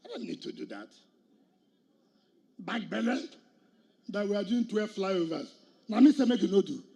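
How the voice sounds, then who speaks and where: Speaking in a high, creaky, mellow voice with big swings in pitch, a middle-aged Nigerian man at a moderate pace challenges an outdoor crowd. He is a state governor giving a combative political speech packed with rhetorical questions.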